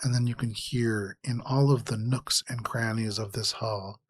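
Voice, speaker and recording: A man narrating a tabletop game as game master, setting scenes in a measured, atmospheric way. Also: mid-range voice, steady tone, breathy edge, no room sound.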